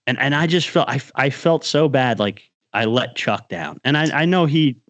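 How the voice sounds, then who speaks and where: A man co-hosting a fishing podcast, telling a story in an excited, animated way during a casual chat. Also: medium pitch, moderate pace, highs cut off. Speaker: podcast co-host.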